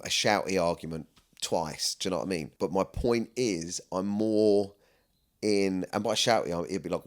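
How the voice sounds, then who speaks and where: A man hosting a podcast, talking earnestly and at length in a rambling, candid way. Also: sits low. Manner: rambling, earnest, often asks "do you know what I mean". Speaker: podcast host. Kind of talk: candid personal chat.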